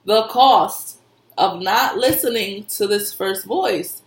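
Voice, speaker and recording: A woman's voice: mid-range voice, slow. A woman who works as an intuitive reader and medium, giving casual spiritual advice in a conversational way, repeating herself and laughing often. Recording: echoey room.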